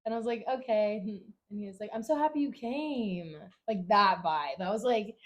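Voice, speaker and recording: A woman's voice: medium pitch, normal speed, few pauses. A young woman co-hosting a casual podcast chat, telling stories animatedly and quoting herself with big jumps in her voice. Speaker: podcast co-host.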